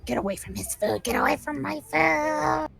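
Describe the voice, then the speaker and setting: A woman voicing a small, possessive male goblin in a tabletop game, shrieking in a shrill, repetitive way. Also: lively intonation, moderate pace, creaky, a bit bright, exaggerated voice. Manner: screeching and repetitive.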